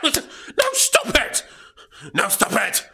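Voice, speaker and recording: A man's voice: very high voice, very animated, a little slow, pushed and bright, heavily acted. A man playing a pompous, patronizing politician who sneers sarcastically and ends lines with "mate". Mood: smug. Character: smug pompous male left-wing politician, patronizing. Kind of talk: comedy sketch.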